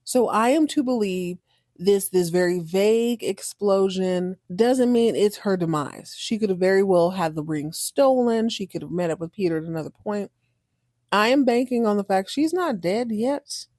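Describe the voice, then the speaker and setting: A woman's voice: medium pitch, animated, moderate pace, darkish tone, no echo, studio quality. A woman hosting a podcast, recapping a TV drama in casual, sassy commentary and breaking into exaggerated voices.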